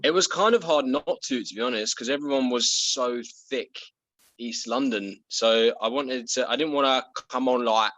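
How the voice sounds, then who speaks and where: A young man chatting casually as a guest on a video call, relaxed and self-deprecating, with halting restarts. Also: medium pitch, dry recording, low-quality recording.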